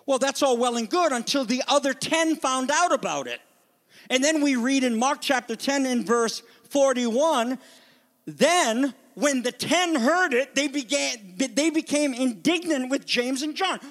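A male pastor preaching a sermon in an animated way, briefly acting out the voices of people in the story. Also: very high-pitched, moderate pace, in a large hall.

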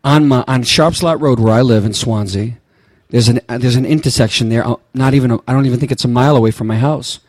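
A man preaching a sermon as pastor, telling stories and swinging from quiet, low passages to impassioned, near-shouted ones. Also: fast, few pauses, dry recording.

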